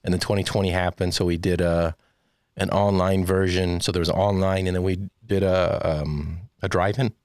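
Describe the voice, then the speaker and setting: A very deep-voiced man in a casual interview, spinning animated stories and acting out every character he quotes. The sound is dry and close, with no room around it. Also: moderate pace, no echo. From Texas. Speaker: stand-up comedian.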